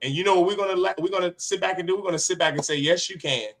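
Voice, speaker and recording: A man preaches to a class with a fiery, forceful delivery and a fairly high voice. His tone is sharp and bright, and he hammers points home by repeating phrases. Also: steady tone, racing. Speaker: teacher of a religious class. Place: classroom with others present.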